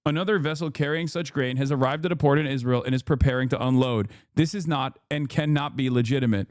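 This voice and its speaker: A man's voice: medium pitch, quick pace, a little mellow, dry recording, clean studio sound. A man in his thirties giving casual live-stream commentary on the news, ranting in a heated, sarcastic and profane way.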